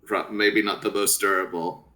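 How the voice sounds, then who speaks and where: A man playing a tabletop game, chatting casually and halting mid-sentence. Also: on the low side, level tone, pushed and bright, soft background music. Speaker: player.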